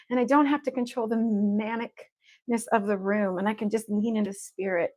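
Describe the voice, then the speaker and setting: A woman's voice: medium pitch, fairly even intonation, normal speed, a little mellow. A woman, an evidential medium, chatting casually and effusively with viewers as she hosts a livestream. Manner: effusive and upbeat, repeats affection to the audience.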